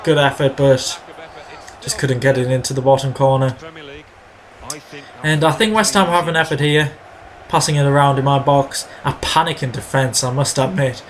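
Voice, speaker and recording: A man hosting a gaming video, giving chatty play-by-play of his own match and breaking into excited shouts when goals go in. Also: medium pitch, moderate pace, long pauses. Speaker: gaming channel host. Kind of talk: video game commentary.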